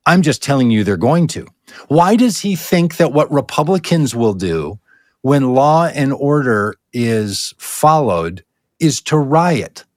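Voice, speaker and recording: A man rants with heavy sarcasm on a political chat show. His voice is caught dry and close, with no room sound. He speaks at an ordinary, mid-range pitch. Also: big pitch swings, slow, no echo. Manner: sarcastic, ranting. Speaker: co-host.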